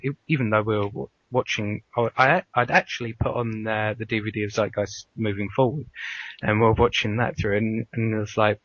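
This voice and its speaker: Hesitant low-voiced man on a dry, muffled mic. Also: little pitch movement, normal speed, a bit bright. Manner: hesitant, full of uhs, anecdotal. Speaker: podcast host. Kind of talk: casual podcast conversation. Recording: dry, dull lo-fi audio.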